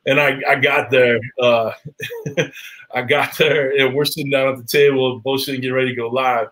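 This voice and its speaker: A man's voice: mid-range voice, flat delivery, moderate pace, a bit bright, poor audio. Casual swearing livestream host man. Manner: loose, swearing, laughing banter. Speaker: live show host. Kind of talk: casual live-stream chat.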